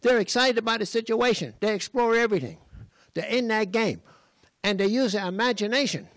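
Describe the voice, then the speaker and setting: An older man from Western Massachusetts speaks at a design school event in a folksy, animated storytelling manner. His voice sits high, and he clears his throat again and again. The sound is dry, with no room around it. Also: brisk, no echo, low-quality recording. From Western Massachusetts, USA. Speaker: speaker at a design college talk. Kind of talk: storytelling talk. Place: lecture stage.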